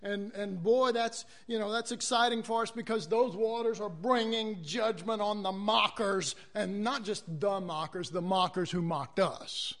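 High-voiced animated male preacher. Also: measured pace, hardly any pauses. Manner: animated, acts out quoted voices, asks the congregation for amens. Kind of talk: sermon.

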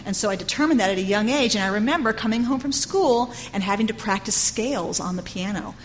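A woman's voice: medium pitch, fast, a little hiss or hum. Earnest woman preaching in a reverberant hall. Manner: earnest, conversational preaching with frequent "you know". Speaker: Bible teacher. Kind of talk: sermon. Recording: long hall reverb with faint ambience.

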